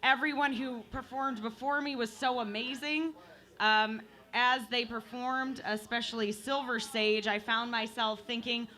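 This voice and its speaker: High, bright woman doing stand-up. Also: unhurried. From Michigan. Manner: chatty, profane, playful with the crowd. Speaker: stand-up comic. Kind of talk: open mic stand-up comedy. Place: bar stage at an open mic.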